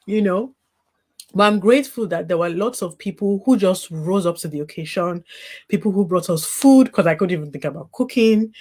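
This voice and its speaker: A woman's voice: on the low side, a little mellow. A woman, a grief recovery specialist, candidly talking about losing her baby as an interview guest, earnest and reflective with frequent "you know" asides. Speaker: grieving mother as interview guest.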